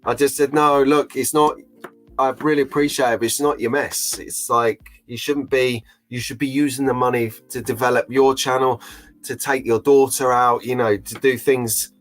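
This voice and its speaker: A man's voice: medium pitch, fairly even intonation, normal speed, faint music behind. A middle-aged man hosting a live stream in a chatty, jokey, openly emotional way. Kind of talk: casual live-stream chat.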